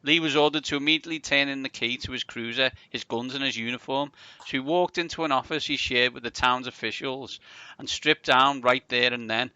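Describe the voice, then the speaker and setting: A man hosts a casual podcast with a very bright, crisp voice. He jokes, laughs often and reads odd news stories aloud with playful asides. The sound is dry and close. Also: medium pitch, steady tone, fairly quick, no echo, highs cut off. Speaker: podcast host.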